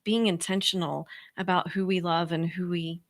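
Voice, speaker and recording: A woman's voice: on the low side, level tone, normal speed. A woman guesting on a radio show, speaking earnestly and from the heart. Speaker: podcast co-host, guest. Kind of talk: casual interview chat.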